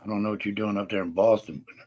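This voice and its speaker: A man's voice: fairly low pitch, steady tone, very fast, darkish tone. A man wisecracking in a drawl during a casual, crude chat show.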